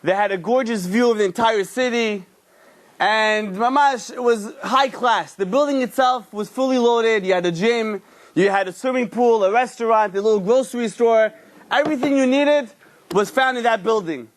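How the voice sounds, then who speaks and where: A man, a rabbi, giving a Torah class and telling a story, acting out the characters with lively energy. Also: very high voice, normal speed.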